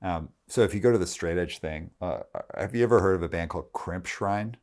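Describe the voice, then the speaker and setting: A man's voice: deep voice, a little fast, darkish tone. A man hosting a podcast, talking in a casual, rambling way with many restarts. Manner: rambling, heavy use of "like" and restarts. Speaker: podcast host.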